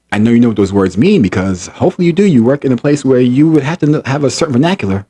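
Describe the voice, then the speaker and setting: A man's voice: mid-range voice, rapid-fire, few pauses, slightly rough. A man vlogging, heatedly retelling a personal incident, acting out what others said, with emphatic repetition and laughter. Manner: animated, acts out quotes, laughs, emphatic repetition. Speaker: channel host recounting an incident. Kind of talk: heated personal storytelling to camera.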